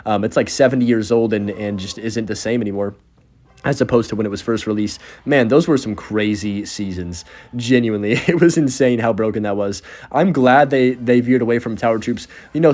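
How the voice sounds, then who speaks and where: A man's voice: medium pitch, darkish tone. A young man giving casual, joking commentary over his own gameplay, sarcastic and chatty as he narrates each move. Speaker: gaming content creator.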